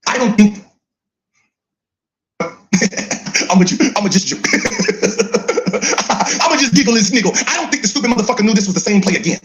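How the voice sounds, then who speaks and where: High, lively teasing man. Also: quick pace, long pauses, background noise. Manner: teasing, laughs often, repeats "huh?". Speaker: podcast co-host reacting to clips. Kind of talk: casual mocking commentary.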